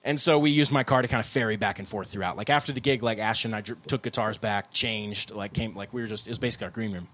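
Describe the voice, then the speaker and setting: A man's voice: fairly low pitch, fast talker, hardly any pauses. Laid-back rambling male podcast host. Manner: laid-back, rambling, breaks into loud goofy impressions. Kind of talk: casual chat.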